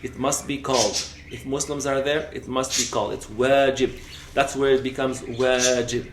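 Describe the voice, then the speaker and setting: A man's voice: medium pitch, steady tone, moderate pace, few pauses. A man teaching a class on Islamic law, explaining step by step, often checking "okay?", and switching between English and recited Arabic text. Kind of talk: classroom lecture. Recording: roomy, faint background noise.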